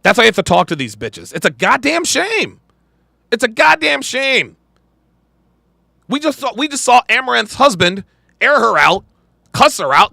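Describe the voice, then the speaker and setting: Male podcast host, high animated pitch, bright tense tone, profane emphatic reaction commentary. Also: normal speed, creaky, no room sound. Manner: profane, emphatic, repeats lines.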